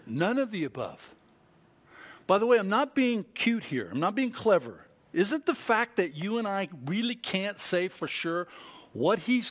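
Lively, slow-preaching pastor man. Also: sits high. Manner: animated, asks the congregation many rhetorical questions. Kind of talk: sermon.

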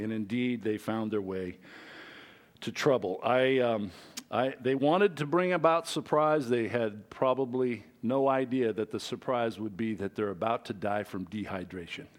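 Man, pastor, lively sermon delivery, slightly higher voice, big pitch swings. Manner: lively, conversational preaching with wide swings in pitch and loudness.

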